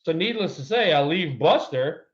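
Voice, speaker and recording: A former baseball player telling a heated, profane locker-room story on a podcast. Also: male voice, fairly high pitch, lively intonation, normal speed, dull audio. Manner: heated, profane, acts out his own shouting. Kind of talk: casual sports storytelling.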